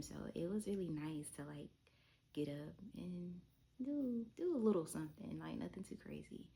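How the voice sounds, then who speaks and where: Low-voiced woman vlogger, frank and confiding. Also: vocal fry. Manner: open, confiding, frank with casual swearing. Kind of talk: candid talk to camera.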